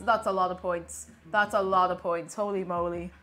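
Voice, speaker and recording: A woman, chatting casually on a live stream and reading her chat aloud with animated exclamations. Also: medium pitch, fairly quick, hardly any pauses.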